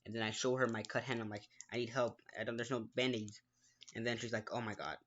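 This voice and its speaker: A man's voice: medium pitch, steady tone, fast, dull audio, noisy background. A man telling a personal story in a casual, rambling way, restarting sentences, making his own mouth sound effects and often apologizing. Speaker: gaming vlogger.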